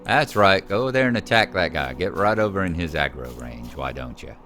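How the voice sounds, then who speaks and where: A man's voice: sits low, animated, moderate pace, bright, forceful tone. A man chatting casually through his gameplay and teasing the characters on screen. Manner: chatty, talks to the game characters. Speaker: gameplay host.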